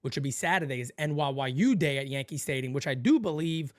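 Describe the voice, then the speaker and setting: A middle-aged man hosting a casual sports podcast, an animated storyteller who laughs often and acts out squeaky voices. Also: fast. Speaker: podcast host.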